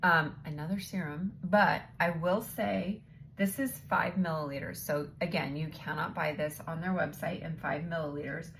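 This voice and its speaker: A woman's voice: low-pitched, steady tone, moderate pace, fairly bright tone, a little hiss or hum. A woman vlogger chatting casually as she unboxes beauty samples, thinking aloud and now and then dropping into a whisper.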